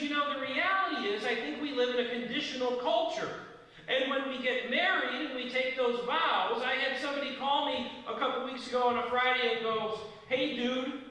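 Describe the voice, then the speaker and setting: A man's voice: high-pitched, fairly bright tone. A man, the pastor, reading scripture and then preaching in a plainspoken, conversational way in a church sanctuary. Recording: echoey church hall from far off.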